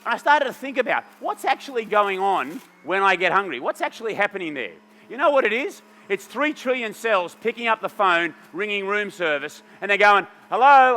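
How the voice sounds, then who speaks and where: A man's voice: sits high, bright, forceful tone. A middle-aged man giving a playful live juicing demo, joking with the audience and directing volunteer helpers. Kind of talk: lively stage talk with audience helpers. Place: large hall with an audience. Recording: reverberant hall.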